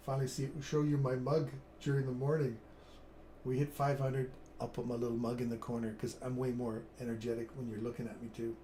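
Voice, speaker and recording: Mellow-voiced man in his fifties. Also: mid-range voice, roomy sound, a little hiss or hum. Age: 50s. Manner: chatty, upbeat, reads viewer comments aloud. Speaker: trading livestream host. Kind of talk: casual live-stream commentary.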